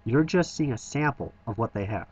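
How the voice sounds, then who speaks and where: A man narrates a toy shop review in a middle-pitched voice, enthusiastic and touched with dry humor. The recording sounds slightly dull and lo-fi. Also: expressive, brisk, a little mellow, breathy edge. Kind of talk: scripted voice-over narration.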